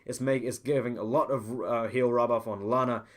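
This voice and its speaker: A man's voice: mid-range voice, fairly even intonation, moderate pace. A young man hosts a podcast and rants through his opinions in a blunt, unpolished way. He often cuts himself off and restarts mid-sentence. He keeps returning to the same complaints with heated insistence. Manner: blunt and ranting, with frequent restarts. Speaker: podcast host. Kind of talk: opinionated wrestling podcast commentary.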